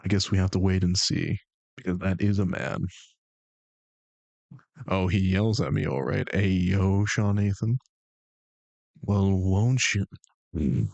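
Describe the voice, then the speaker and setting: A young man hosting a stream, bantering with chat in a joking, sarcastic tone. His voice sits very low with a gravelly fry, and his pace is unhurried. The sound is dry and close. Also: a little mellow, no echo. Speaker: streamer and game master.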